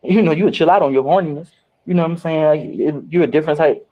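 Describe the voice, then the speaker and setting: A man talks at a quick clip in a husky voice, spinning candid stories in casual chat. His delivery is animated and profane, with his voice leaping up high for emphasis. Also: phone-quality sound. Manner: fast, animated, profane storytelling with big pitch swings. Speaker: reality show cast member.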